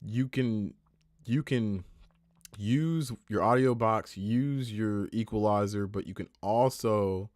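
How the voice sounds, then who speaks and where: Male mix engineer, low voice, dry close sound, loose rambling livestream delivery. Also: slow pace, a little mellow, no room sound. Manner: rambling, self-correcting, loose. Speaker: music producer and mix engineer. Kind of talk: casual livestream tutorial.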